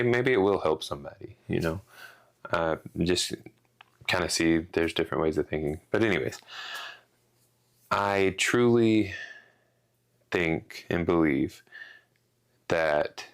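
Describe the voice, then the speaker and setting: A man's voice: deep voice, slow pace, gravelly, long pauses, a bit bright. A man co-hosting a casual podcast, rambling through a rant with restarts and some swearing. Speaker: podcast co-host.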